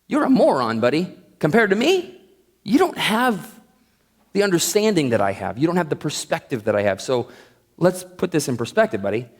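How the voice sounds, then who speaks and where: A man's voice: fairly high pitch, big pitch swings, normal speed. A man voicing God as a chummy, sarcastic figure who talks down to a mortal. It is recorded in an echoey hall. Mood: teasing. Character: God, mockingly stern, teasing a mortal.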